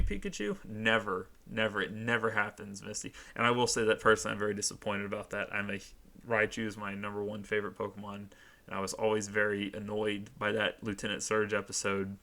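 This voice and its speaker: Young male host, self-mocking, sarcastic read-through, lowish and bright. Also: monotone, a little fast. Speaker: channel host. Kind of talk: comic read-through commentary.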